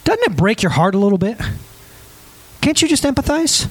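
A man's voice: extremely high pitch, big pitch swings, a little fast, long pauses, low-quality recording. A male pastor preaching a conversational sermon, emphatic, often asking the congregation questions.

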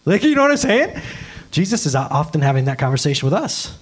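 A man's voice: sits high, moderate pace. A man in his thirties preaching a sermon as a pastor, talking casually and acting out quotes along the way. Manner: animated, conversational preaching with acted-out quotes.

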